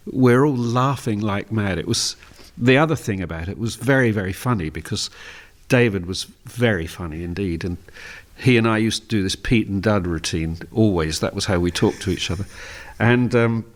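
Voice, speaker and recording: An older man from England, a guest on a radio show, telling a relaxed story and laughing often as he goes. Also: on the low side, normal speed, hardly any pauses. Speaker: guest musician. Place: radio studio.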